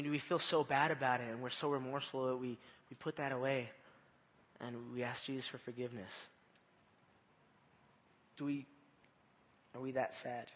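A man's voice: mid-range voice, a bit bright. Man preaching in an echoing hall. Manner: conversational, repeats phrases, asks the audience questions. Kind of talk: evening sermon. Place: church. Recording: long reverb of a hall.

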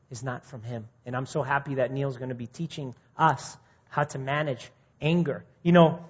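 Husky guy preaching to the men's group, earnest, goes loud then soft, muffled lo-fi recording. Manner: earnest, rising to indignant mimicry, then dropping quiet. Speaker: speaker at a men's ministry meeting. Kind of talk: informal sermon. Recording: muffled low-fidelity recording.

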